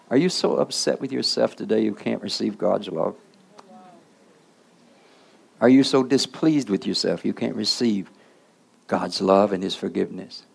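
A man preaching a sermon in plain colloquial speech. He keeps asking the listener questions, often prodding with "huh?", and swings between hushed and loud passages. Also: medium pitch, creaky. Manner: rhetorical questions with repeated "huh?"; informal colloquial grammar.

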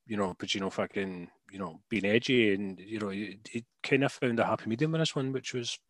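A man's voice: on the low side, a little fast, no room sound. A man in a casual film review chat, speaking with enthusiasm, swearing freely and stumbling over his restarts. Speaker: film podcast co-host.

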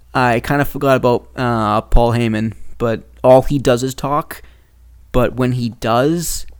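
A young man hosting a casual solo podcast, rambling and excitable, often cutting himself off. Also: medium pitch. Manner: rambling, excitable, self-interrupting. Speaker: podcast host.

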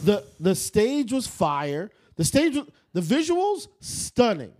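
High-voiced young man, opinionated chat. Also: big pitch swings, slow pace, a little mellow. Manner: opinionated, emphatic repeating. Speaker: podcast co-host. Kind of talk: casual chat.

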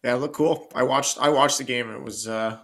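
A podcast co-host chats casually, thinking aloud and often restarting his sentences. His medium-pitched voice is brisk and fairly bright.

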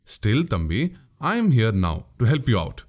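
A man's voice: lowish voice, very animated, moderate pace, a little mellow. A man voicing a crafty older male spy in an audiobook, needling and mocking with pointed questions. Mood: prodding. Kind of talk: audiobook character voice.

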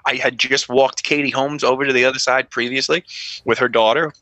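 A young adult man, a former police officer, telling stories as a podcast guest in a lively, profane way, acting out quotes in a raised voice. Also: mid-range voice, a little fast, dry recording. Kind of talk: animated storytelling.

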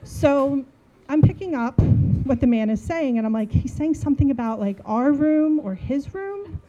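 A woman in her forties from New Jersey, telling a funny story in a casual, animated way and acting out the dialogue. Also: sits high, moderate pace, highs cut off. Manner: animated, acts out dialogue, laughs while telling.

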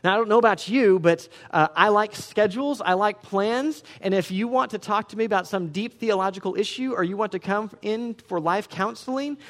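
A man, a pastor, preaching a sermon with animated swings between loud emphatic peaks and quiet asides, acting out the voices of people he quotes. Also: high-pitched, fairly quick, few pauses. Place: church sanctuary. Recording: long reverb of a church hall.

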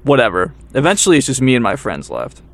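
A man's voice: medium pitch, huge pitch swings, fast talker. A young man telling a story in casual podcast chat, acting out what people said, laughing often and swearing freely. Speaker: podcast co-host.

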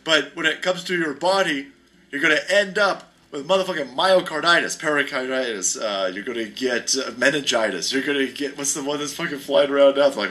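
A man rants as a podcast host, heated and sarcastic, with frequent swearing. His voice sits fairly high for a man and comes out bright and forceful. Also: fairly quick. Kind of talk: ranting podcast commentary.

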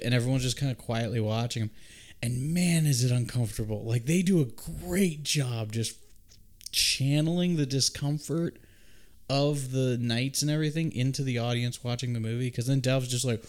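A man's voice: medium pitch, normal speed. Man swearing through a movie recap. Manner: animated retelling with profane asides and acted-out quotes. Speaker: podcast host. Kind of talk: casual chat.

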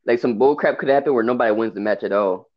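A man's voice: medium pitch, fast talker, muffled recording. A young man co-hosting a casual wrestling chat, speaking in a laid-back way with repetitive slang. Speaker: podcast co-host.

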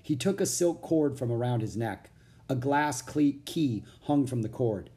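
A man reading a children's book aloud as audiobook narrator, with an expressive, animated storytelling manner. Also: mid-range voice, unhurried.

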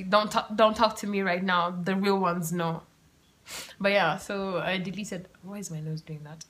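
A young woman, hosting a podcast and telling a personal story in a chatty, animated way with asides and laughter. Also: lowish voice, measured pace. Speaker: podcast host. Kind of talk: casual storytelling monologue. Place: home room with open windows.

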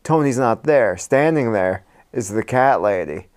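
A man's voice: medium pitch, animated, a little slow, darkish tone. A man co-hosting a podcast, animatedly improvising a horror story with hammy flair. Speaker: podcast co-host.

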